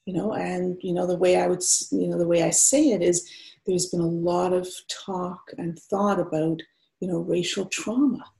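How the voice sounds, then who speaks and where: Mellow-voiced woman therapist. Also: lowish voice, steady tone, moderate pace, creaky. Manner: gentle, earnest, explaining. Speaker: therapist guest. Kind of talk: conversational interview.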